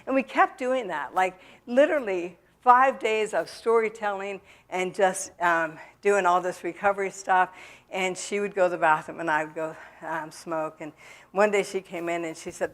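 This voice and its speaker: A middle-aged woman giving a personal testimony in a church, talking candidly and plainly, with many fillers and restarts as she tells her story. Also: fairly low pitch. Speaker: recovery speaker. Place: church hall.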